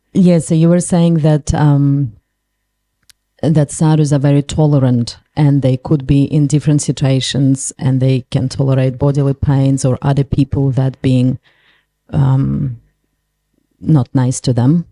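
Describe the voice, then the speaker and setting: A woman with a Russian accent asks her question from the audience in a low, very dark voice. She speaks politely and hesitantly, filling the gaps with little sounds. The sound is dry. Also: little pitch movement, a little slow, no echo. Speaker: audience member asking a question.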